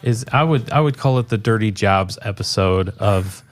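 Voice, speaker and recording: Male co-host, lower voice, relaxed rambling chat. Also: normal speed, soft background music. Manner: laid-back, rambling with many restarts. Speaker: podcast co-host. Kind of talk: casual chat.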